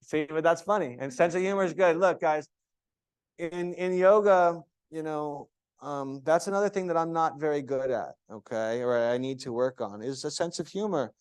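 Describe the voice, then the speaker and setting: A man's voice: a little high, normal speed, clear, resonant tone. A man leading a yoga teacher training, talking to a group of students in an echoey room, acting out tones of voice and asking them questions. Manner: animated, acts out different tones of voice, asks the group questions. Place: room with echo.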